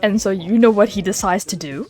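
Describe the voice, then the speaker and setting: A woman playing a mischievous roleplay character who tells gossip in an animated, playful way. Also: mid-range voice, fairly quick, soft background music, close to an everyday voice. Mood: amused.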